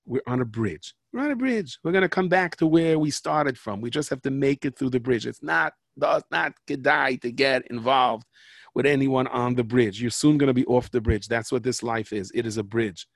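A storyteller rambles through jokes and parables in a conversational way, often cutting himself off and starting over. His medium-pitched voice is gravelly and moves at normal speed. The recording is dry, with clean studio sound.

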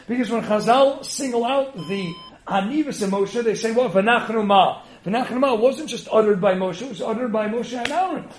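A man's voice: sits high, normal speed, a little hiss or hum. A man giving a spirited Torah lecture, emphatic, posing rhetorical questions and answering them himself. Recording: roomy echo.

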